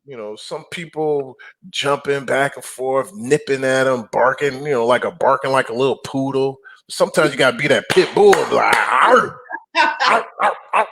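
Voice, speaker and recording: Middle-aged guy, guest on a chat, average pitch, animated, acts out quotes and growls. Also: moderate pace, gravelly, a little hiss or hum. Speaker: guest, apartment investor. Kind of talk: casual interview talk.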